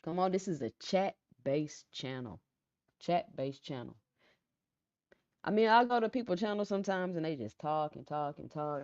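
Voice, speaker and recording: A woman hosting a casual live stream who chats with viewers, reads out their comments and often repeats her phrases in a calm, low-key way. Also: normal speed, no room sound. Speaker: livestream host. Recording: dull lo-fi sound, dry.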